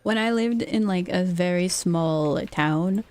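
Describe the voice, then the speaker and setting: A woman's voice: on the low side, slow, a little mellow, clean tone. A woman streaming live, chatting casually and reacting to her chat's messages. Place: lives in the United States.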